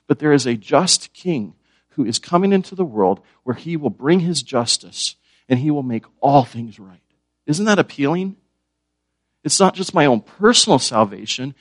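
A man's voice: medium pitch, no echo. A man preaching a sermon, asking his listeners questions and repeating key words. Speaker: pastor.

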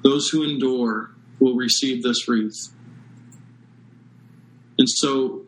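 A man preaching a sermon as pastor, earnest and measured, stressing key words with pauses. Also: medium pitch, steady tone, poor audio.

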